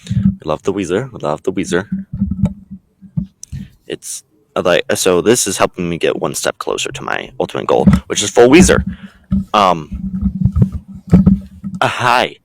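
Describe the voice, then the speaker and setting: Young guy w a deep low voice, rambly comedy vlog, lots of ums and stumbles. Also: sing-song, a little slow, gravelly, long pauses, low-quality recording. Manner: rambling, hesitant, full of ums. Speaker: vlogger.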